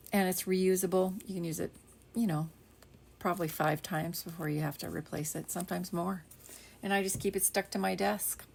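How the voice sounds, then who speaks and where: An older woman chatting casually while she demonstrates card making at her craft desk, rambling along and dropping into soft half-whispered asides. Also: fairly low pitch, gravelly. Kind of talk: casual crafting tutorial chat.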